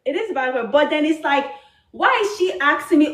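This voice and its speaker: Accented woman guest, high voice, insistent, echoey room in a played clip. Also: animated, normal speed, fairly bright tone. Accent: foreign accent. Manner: insistent, defends her point. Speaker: podcast guest. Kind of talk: defensive conversation on a talk show.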